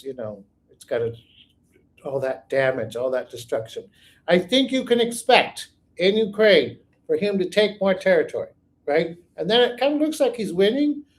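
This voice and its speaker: A man with a fairly high voice hosts a live viewer Q&A on his own channel. He rambles and thinks out loud as he answers, and often circles back on his own sentences. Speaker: psychic channel host.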